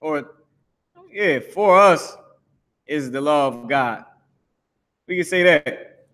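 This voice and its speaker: A man's voice: on the high side, expressive, slow, fairly bright tone. A man teaching a live online language class, talking casually, repeating himself, and grumbling when the stream drops. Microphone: streaming to Facebook and YouTube.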